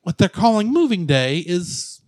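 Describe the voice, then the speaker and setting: A man with a somewhat high voice talks through a movie plot in a loose, joking way, tossing in asides as he goes. The sound is close and dry, with no room around it. He comes across as a podcast co-host chatting with a friend. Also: sing-song, unhurried, no room sound. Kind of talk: casual movie recap chat.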